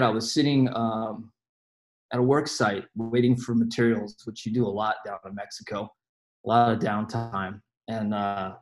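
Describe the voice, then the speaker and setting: A man from a church community giving a heartfelt, halting farewell speech over a video call, pausing often with fillers. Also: mid-range voice, rough recording. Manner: earnest, halting, with many pauses and fillers. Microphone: video call mic.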